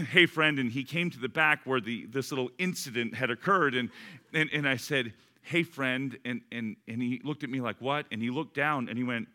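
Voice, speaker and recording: A man's voice: mid-range voice, normal speed. A man, a pastor, preaching a sermon and telling a personal story, acting out both sides of the conversation. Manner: animated storyteller, acts out both sides of a dialogue.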